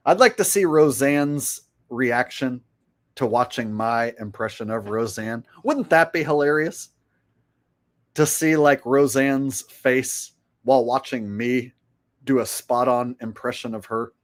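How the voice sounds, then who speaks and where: A man's voice: medium pitch, unhurried. Swearing, rambling male streamer. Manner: crude, frequent swearing, rambling. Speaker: livestream host. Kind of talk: casual livestream rant.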